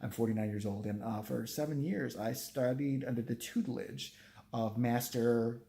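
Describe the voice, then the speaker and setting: A man voicing a pretentious middle-aged male artist who speaks low, hushed and slow. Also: fairly even intonation, gravelly, roomy sound, lightly acted. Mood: pompous.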